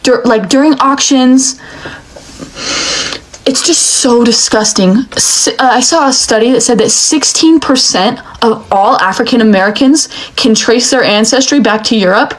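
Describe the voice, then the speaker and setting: A woman's voice: on the high side, unhurried, low-quality recording. A young woman giving an angry, emotional rant, swearing often. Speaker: commentator. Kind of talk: heated rant.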